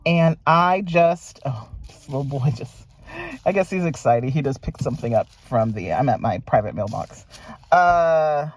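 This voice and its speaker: Excitable woman, lively pitch. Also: measured pace. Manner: gushing, excitable, talks straight to viewers. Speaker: vlogger. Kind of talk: casual unboxing chat. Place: at a private mailbox.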